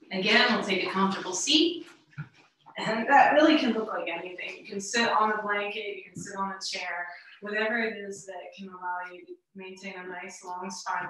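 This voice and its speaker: Calm woman guiding a yoga class. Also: mid-range voice. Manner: calm, gentle, step-by-step cues. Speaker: yoga teacher. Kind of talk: guided breathing instruction. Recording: roomy echo, mic at a distance.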